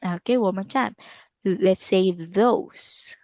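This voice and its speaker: Woman tutor on a video call, super slow and patient, dry sound. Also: mid-range voice, a little mellow, dry recording. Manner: patient, repeats words slowly for the child. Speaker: English tutor. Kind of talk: online English lesson for a child.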